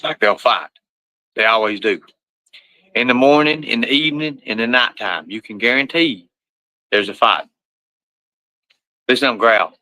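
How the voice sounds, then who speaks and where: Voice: medium pitch, moderate pace, long pauses, sharp tone, poor audio. A livestreamer, talking casually and profanely while scolding pets. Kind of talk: casual live-stream chat.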